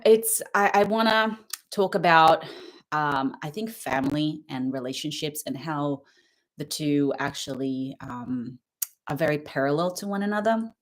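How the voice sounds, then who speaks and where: A woman with a low-pitched voice talks through her thoughts in a casual, searching way, pausing often to find her words. She speaks as a meditation channel host, earnest and personal. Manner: earnest, searching, many fillers and restarts. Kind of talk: casual reflective monologue.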